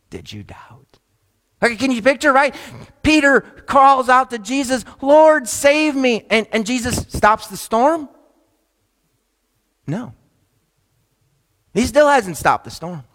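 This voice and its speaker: High-voiced preacher in a reverberant hall. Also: male voice. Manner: swings between loud emphatic lines and hushed, soft asides. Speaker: pastor. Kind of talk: sermon.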